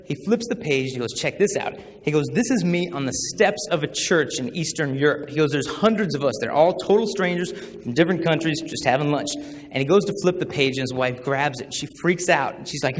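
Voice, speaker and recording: A man's voice: a little high, brisk. A young man in his twenties giving a humorous talk, acting out the voices in his stories. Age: 20s. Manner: animated, acts out quoted voices. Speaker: chastity speaker. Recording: hall reverb with faint noise.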